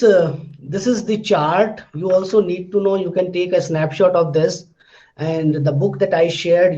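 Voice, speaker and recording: A man talks through a pronunciation lesson and says sample words slowly again and again. His voice sits high but sounds dark and mellow. The recording is muffled and lo-fi. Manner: explanatory, repeats words slowly for students. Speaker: teacher.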